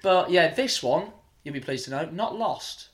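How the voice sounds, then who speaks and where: A man's voice: fairly high pitch, lively intonation, normal speed. Chatty young man reacting with exclamations. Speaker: podcast co-host. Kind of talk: casual chat.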